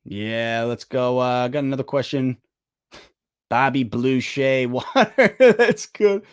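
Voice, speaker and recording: A young man hosting a live sports stream, chatting casually and excitably while answering viewer questions. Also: mid-range voice, slow, clear, resonant tone, no room sound, studio quality. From United States. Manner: casual, excitable, talks to chat directly. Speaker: sports channel host.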